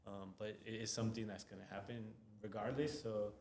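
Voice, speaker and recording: A man co-hosting a podcast in relaxed, casual chat, often tagging his sentences with "right?". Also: on the low side, fairly quick, gravelly, reverberant, a little hiss or hum. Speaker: podcast co-host, realtor.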